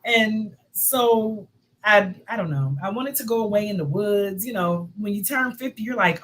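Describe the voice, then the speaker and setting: A woman in her fifties tells stories as a talk-show guest, her voice sitting a touch high. She talks in a lively, laughing way, full of asides to the audience. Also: moderate pace, poor audio. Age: 50s. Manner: lively, laughing, says y'all often. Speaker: guest author. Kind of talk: casual storytelling chat.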